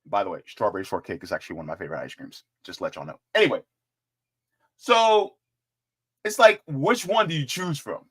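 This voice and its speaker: A man hosting casual political commentary in an animated, joking way, with chatty asides. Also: mid-range voice, a little fast, slightly rough.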